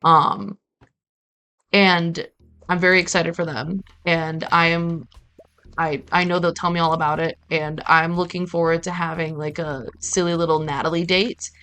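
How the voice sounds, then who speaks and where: A woman's voice: lowish voice, level tone, measured pace, sharp tone, clear, resonant tone. A woman from Brazil streaming a farming game, talking in a chatty, rambling way with casual swearing. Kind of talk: casual gaming stream commentary.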